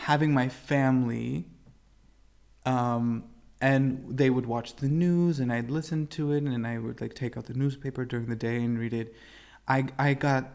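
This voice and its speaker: A man co-hosting a podcast, telling a story in casual chat and acting out the people he quotes. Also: mid-range voice. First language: English. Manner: animated storytelling, acts out quoted voices. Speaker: podcast co-host. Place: indoor podcast recording.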